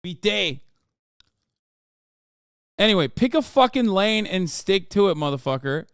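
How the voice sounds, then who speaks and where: Man in his 30s, Turkish native, streamer; sarcastic, animated profane commentary, smooth clear tone. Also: high voice, brisk, no echo, studio quality. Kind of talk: casual livestream reaction commentary.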